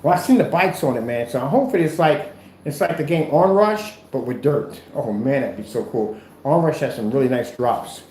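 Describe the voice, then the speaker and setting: A man's voice: mid-range voice, lively intonation, moderate pace, a little mellow. A man explaining screen painting in a casual how-to vlog at home. He talks in a rambling, chatty way and often corrects himself. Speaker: maker of projection screen paint. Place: indoors at home. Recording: roomy echo, faint noise.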